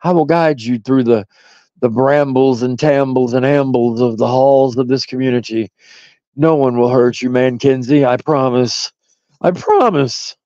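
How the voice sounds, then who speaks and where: A man voicing a mock-tender, solemn male guide in a slow, exaggerated, comforting tone. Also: mid-range voice, dark tone, dry recording, lo-fi sound, lightly acted.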